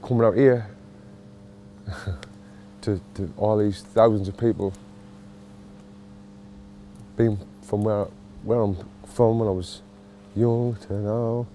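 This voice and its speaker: Slow and warm, with long pauses, his lowish voice keeps fairly even intonation over a little hiss or hum. He's a boxing coach and vlogger in his thirties from Sunderland, England, talking in a Mackem accent in a casual, emotional football stadium vlog, chatty and self-mocking.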